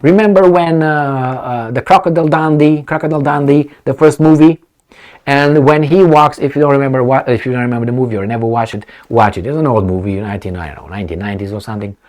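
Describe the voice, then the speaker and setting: A man's voice: mid-range voice, fast, a little mellow. A man giving off-the-cuff political commentary, rambling with restarts and sarcastic asides.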